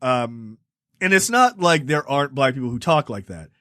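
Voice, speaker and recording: A man co-hosting a casual film review podcast, animated and profane, laughing often and slipping into mimicked voices. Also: medium pitch, normal speed, dry recording, studio quality. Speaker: podcast co-host.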